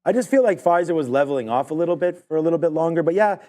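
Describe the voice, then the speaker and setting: A man hosting a live trading stream, giving rambling, excitable market commentary full of fillers. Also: on the high side, rapid-fire.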